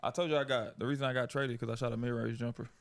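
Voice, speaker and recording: A man who played pro basketball, telling a locker-room story in a loose, animated and profane podcast way. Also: medium pitch, racing.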